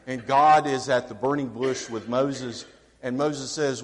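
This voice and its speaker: A man preaching a sermon who swings from quiet asides to emphatic declarations and asks his congregation questions. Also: mid-range voice, steady tone, unhurried, in a large hall.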